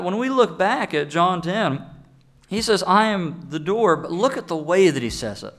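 A man preaching a sermon in an emphatic way, slowing down to stress key phrases. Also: high voice, big pitch swings, fairly bright tone. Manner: emphatic, with deliberate slowed phrases.

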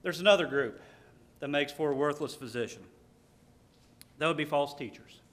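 A man delivers a sermon from the pulpit, leaning hard on key words as he reads out scripture. His voice sits a little higher than most men's. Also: normal speed, a bit bright. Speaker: preacher.

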